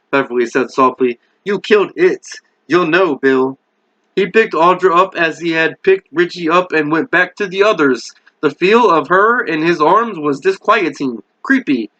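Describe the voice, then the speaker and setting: A man's voice: high-pitched, bright, forceful tone, muffled recording. A man reading a horror novel aloud as a hobby reader, with small slips and corrections and light character voices. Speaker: amateur book reader.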